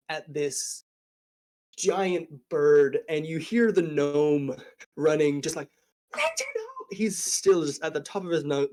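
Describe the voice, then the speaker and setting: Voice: mid-range voice, dark tone. A game master narrating a tabletop game, improvising with frequent fillers.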